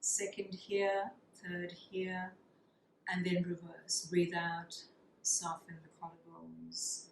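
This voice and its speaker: A woman teaching a yoga class, guiding breathing practices in a calm, soothing way and counting the breaths. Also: fairly low pitch, takes it slowly, gravelly, slight background noise. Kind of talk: guided yoga breathing instruction. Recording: echoey room with faint ambience.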